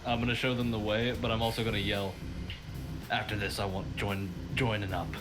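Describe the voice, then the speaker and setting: Brief: low-voiced, blunt man player, clear music behind. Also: little pitch movement, brisk. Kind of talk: tabletop role-play.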